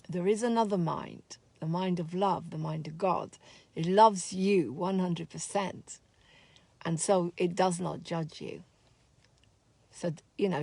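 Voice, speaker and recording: A woman speaks slowly and softly, heartfelt and openly sad as she teaches her spiritual course. Her voice has a gravelly, fry-laden texture. The recording is dry and close, with no room sound. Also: fairly low pitch, dry recording. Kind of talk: reflective spoken talk.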